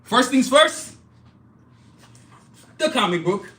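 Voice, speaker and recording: Man, high bright voice, hyped live-stream sales pitch, repeats himself, echoey room. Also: lively intonation, slow pace, slight background noise. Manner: hyped, repeats phrases, talks straight to viewers. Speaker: artist hosting a live stream. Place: indoor studio, clothing hanging behind him.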